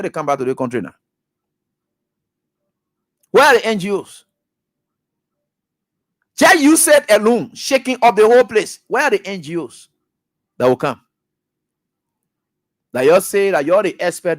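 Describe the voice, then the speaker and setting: A man with a Liberian English accent hosting a radio talk show, delivering an emphatic, repetitive, preacher-like commentary that swings between loud shouts and low mutters.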